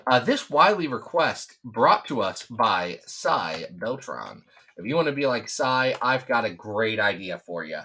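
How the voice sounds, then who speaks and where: A man's voice: medium pitch, sing-song, unhurried, sharp tone, a little hiss or hum. A man in his thirties co-hosting a podcast in casual chat, jokey and rambling with asides. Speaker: podcast co-host.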